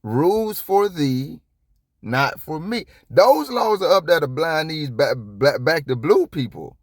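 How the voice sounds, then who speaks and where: A man giving casual reaction commentary on a police video, rambling and profane, with sudden high-pitched outbursts. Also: very animated, slow pace, no echo, studio quality. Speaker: copwatch commentator.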